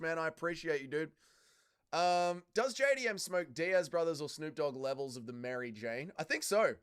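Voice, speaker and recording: A man's voice: a little high, animated, moderate pace, fairly bright tone, clean tone. A man hosting a live watch-along stream, reading viewer chat aloud and bantering crudely, swearing freely and calling people mate. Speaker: livestream host.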